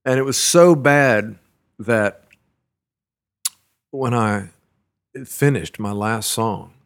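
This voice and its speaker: A man's voice: medium pitch, very slow, clean tone. Rambling man telling road stories. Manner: rambling, many fillers and restarts, laughs at his own stories. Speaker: musician recalling his career. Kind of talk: casual storytelling interview.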